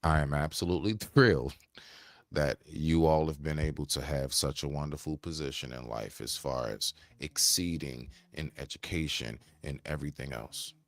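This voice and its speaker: Very deep-voiced man ranting to viewers. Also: fairly even intonation, normal speed, hardly any pauses, no echo. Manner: preachy, rhetorical questions to viewers. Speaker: commentary streamer. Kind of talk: reaction video commentary.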